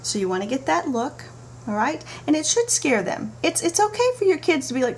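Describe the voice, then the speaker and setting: A middle-aged woman talking to camera about parenting, telling stories in an animated way with playful asides. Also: high-pitched, normal speed. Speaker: parenting vlogger. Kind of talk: casual talk to camera. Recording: faint background noise.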